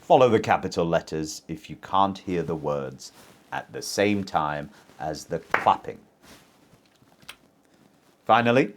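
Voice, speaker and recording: A man's voice: deep voice, slight background noise. A man teaching English as a native speaker, modelling sentences for learners to repeat in a pronunciation lesson. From English-speaking country. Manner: very lively teacher intonation, slow deliberate pacing.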